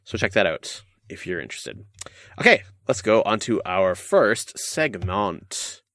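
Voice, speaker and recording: A young man hosting a casual podcast, reading listener mail aloud with quick jokey banter. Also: lowish voice, big pitch swings, fairly bright tone, no echo, studio quality. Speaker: podcast host.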